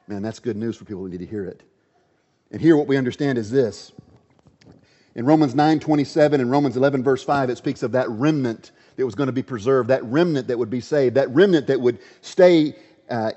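A man preaching a sermon from the pulpit of a church, emphatic, swinging between loud stresses and quiet asides. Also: medium pitch, big-room sound, dull audio. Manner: emphatic, varies loudness, drops to quiet asides.

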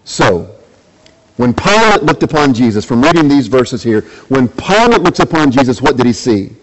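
A man's voice: very animated, moderate pace, low-quality recording. A man preaching a sermon, reading scripture and asking his listeners repeated rhetorical questions. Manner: rhetorical questions, acts out quoted lines with rising pitch. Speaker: pastor.

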